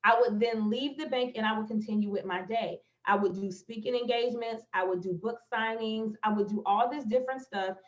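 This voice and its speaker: A woman's voice: a little high, fairly even intonation, fairly quick, hardly any pauses. A woman on a live stream, speaking emotionally and telling a personal story directly to her viewers as a motivational speaker. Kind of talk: livestream talk on manifestation. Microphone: phone or webcam live stream. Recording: echoey, slightly dull live-stream audio.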